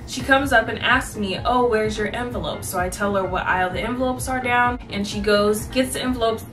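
A woman's voice: fairly high pitch, far from the mic. A woman vlogger animatedly telling a sassy story about her job as a cashier. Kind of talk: storytime vlog.

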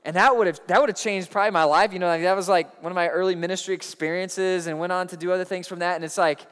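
A man preaching a sermon, telling a personal story in an animated way that rises loud at the tense moments. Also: high voice, fast talker, clear, resonant tone. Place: church auditorium. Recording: long hall reverb.

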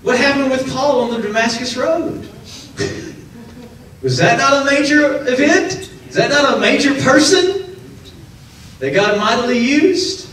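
Male pastor, high lively delivery, heard in a roomy echoing sanctuary with faint hiss. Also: unhurried, long pauses, recorded from a distance. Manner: animated, acts out quoted voices, laughs often. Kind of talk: sermon. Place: church sanctuary. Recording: echoey hall, preacher off-mic, faint noise.

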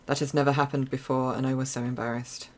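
A young woman with an Essex accent, chatting casually through live gameplay commentary with quick exclamations and frequent laughs. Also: a bass voice, level tone. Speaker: streamer.

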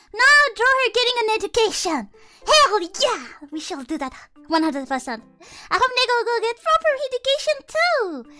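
A woman streamer chatting casually with her chat, excitable and playful. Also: very high-pitched.

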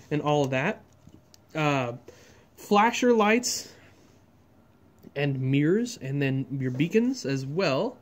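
A man casually reviewing a farm toy model, chatty and enthusiastic, rambling and correcting himself as he goes. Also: a little high. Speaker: scale model reviewer, channel host.

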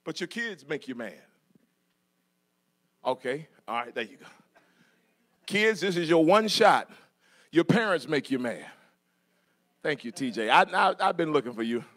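A middle-aged man preaching a sermon in church, moving from soft asides to shouted passages and joking with the congregation. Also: on the high side, expressive, a little slow, long pauses. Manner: jokes with congregation, laughs. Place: church sanctuary.

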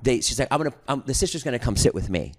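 A podcast co-host tells a story in casual chat, animatedly acting out the other people's lines as he goes. His medium-pitched voice races. Crowd noise can be heard.

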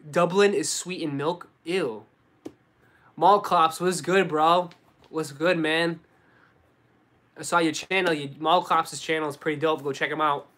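A young man with a Boston accent, chatting casually on a live stream and answering viewers, relaxed and full of slang. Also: a little high, a little slow, long pauses. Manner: relaxed, slangy, says dude and bro a lot. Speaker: sneaker YouTuber answering live chat.

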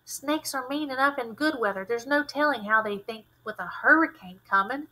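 An earnest young boy from a storybook, as a woman reads him aloud. He is stubborn and easily frightened, and he speaks urgently in a bright, fairly high voice. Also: normal speed, low-quality recording.

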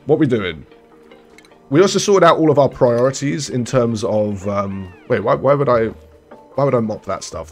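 A young male gaming streamer gives casual let's-play commentary while playing a colony-building game. He's chatty and rambling, correcting himself as he goes, and his voice trails off low.

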